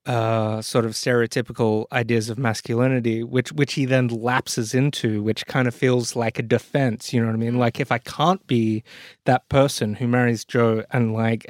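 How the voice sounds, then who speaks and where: A man in casual film talk who circles his points, restarting sentences and asking "you know what I mean?". His voice sits at a middle pitch, and the sound is dry and close, with no room around it. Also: no echo. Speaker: podcast co-host.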